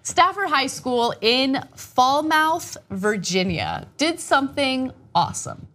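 Woman hosting a news chat show, a bit high voiced, gushy and chatty, studio mic. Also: sing-song, bright, forceful tone. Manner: chatty, gushing, quick asides.

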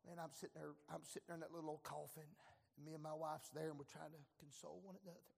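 Older pastor, high gravelly voice, folksy storyteller who erupts into shouted prayer, long church reverb. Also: male voice, level tone, fast talker. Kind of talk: sermon.

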